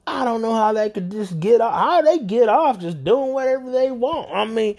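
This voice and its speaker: Someone doing a complaining guy on the phone, pitched way up, whiny and loud. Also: expressive, normal speed, a little hiss or hum, close to an everyday voice. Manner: whining, repetitive complaint. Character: whiny angry male bank caller.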